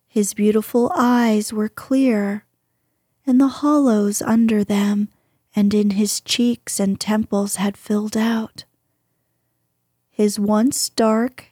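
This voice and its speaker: Soft slow woman reading a storybook. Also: a little high, no echo, clean studio sound. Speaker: narrator. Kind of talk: storybook narration.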